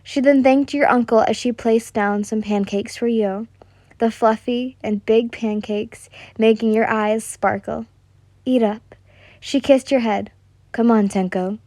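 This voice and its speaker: A woman reading a second-person fan story aloud in a soft way, now and then correcting herself. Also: on the high side, steady tone, no echo. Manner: slow, soft, with occasional self-corrections. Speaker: fan fiction reader.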